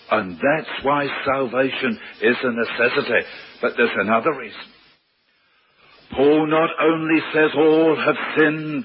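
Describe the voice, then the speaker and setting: A man's voice: mid-range voice, lo-fi sound, slight background noise. A man from preaching a sermon, asking rhetorical questions and rising to emphatic peaks. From London.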